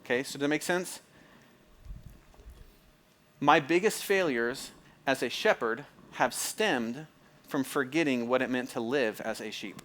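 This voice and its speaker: At a measured pace with long pauses, a pastor with a mid-range, fairly bright voice gives a conversational sermon. He often stumbles, restarts, repeats phrases and says "like," and he asks the audience if things make sense.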